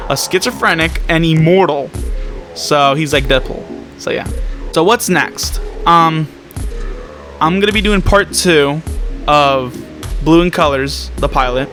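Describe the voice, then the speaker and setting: Bright-voiced young man rambling casually. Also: a little high, a little slow, faint music behind. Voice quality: rambling, full of fillers and restarts. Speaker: animation creator and vlogger. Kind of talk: casual vlog talk.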